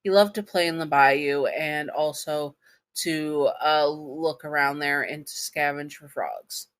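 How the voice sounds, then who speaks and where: Brief: woman with a Southern accent narrating fan fiction in second person, halting, casual. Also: sits low. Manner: halting, with restarts and fillers. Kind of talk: second-person story reading.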